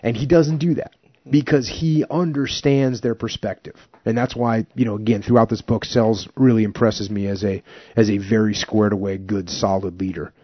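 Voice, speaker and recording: Brief: male podcast host, low husky voice, emphatic commentary, dry close sound. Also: normal speed, no room sound. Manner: emphatic, animated when commenting. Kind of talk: book reading and commentary. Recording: slightly muffled dry recording.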